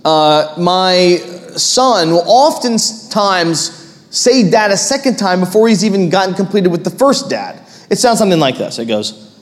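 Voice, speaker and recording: Male pastor, thirties, lively preaching, slightly high voice, long hall reverb. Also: unhurried. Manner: animated preaching, rising to loud emphatic peaks. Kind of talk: sermon.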